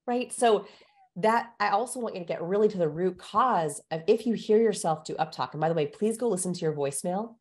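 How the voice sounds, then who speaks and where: A woman with a lowish, slightly mellow voice appears as a guest expert on body language in an instructive podcast conversation. Coaching as she goes, she explains ways of speaking and demonstrates vocal exercises.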